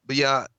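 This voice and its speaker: A man's voice: pushed and bright, no echo. A man co-hosting a casual live stream who rambles, swears and reads viewer comments aloud, with plenty of fillers and false starts. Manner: rambling and profane, lots of fillers and restarts, reads chat aloud. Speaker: podcast co-host.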